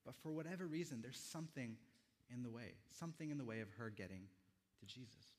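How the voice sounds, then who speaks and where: A young male pastor preaches in a gentle, reflective way, letting quiet pauses sit between his thoughts. His voice sits at an ordinary middle pitch. The sound carries the long reverb of a large church hall. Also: animated. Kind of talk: sermon.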